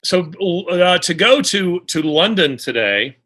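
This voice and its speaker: A guest author in a conversational interview talks slowly in a high, bright, forceful voice with a sing-song lilt. He speaks unhurriedly, with many restarts and fillers.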